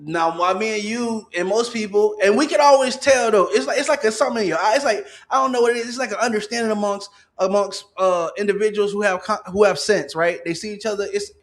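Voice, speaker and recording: Man, podcast host, casual chat, rambling and repetitive, slightly high voice. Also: fast. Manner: rambling, peppered with "you know what I'm saying".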